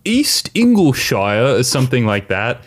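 A man's voice: medium pitch, huge pitch swings, measured pace. A man hosting a casual podcast chat, upbeat and joking as he leads the questions. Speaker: podcast host.

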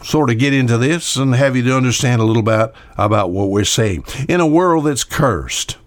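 An older man delivers a homely radio sermon at an ordinary, mid-range pitch. He rambles warmly through repeated words and filler sounds like a seasoned preacher chatting with listeners. The recording is dry and close, with no room echo. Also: lively intonation, moderate pace. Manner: folksy, conversational, repeats words with frequent uh fillers.

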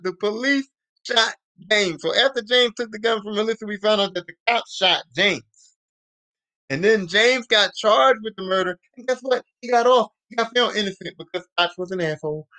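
A man's voice: sits high, a bit bright. A man hosting a podcast, casually recapping a TV series in profane, rambling slang. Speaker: podcast host.

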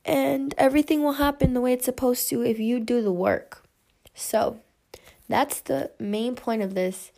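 A woman's voice: a little high, gravelly, a little mellow. A young adult woman casually telling a rambling story, full of "like" fillers. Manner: chatty, rambling, many "like" fillers.

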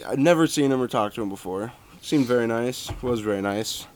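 A young man co-hosting a podcast, chiming in with quick remarks during a casual chat with friends. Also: medium pitch, a little mellow, slight background noise.

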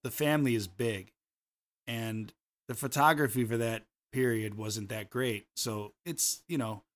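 Chicago guy cohosting a podcast, jokey animated storyteller. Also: mid-range voice, a little slow. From Chicago area. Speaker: podcast co-host. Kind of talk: casual chat.

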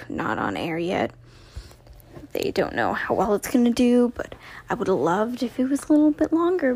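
A woman's voice: on the high side, vocal fry, a little mellow, no echo. A young woman recapping a TV episode in a casual, rambling way, full of "like" and acted-out character lines, sounding tired.

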